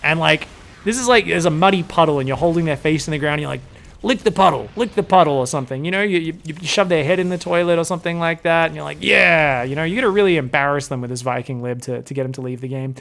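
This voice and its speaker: A young man with a slightly high voice casts a strategy game with bouncy excitement. He laughs often and jokes around, putting on silly voices for the players. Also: very fast, gravelly. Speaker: game caster. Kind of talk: excitable esports commentary.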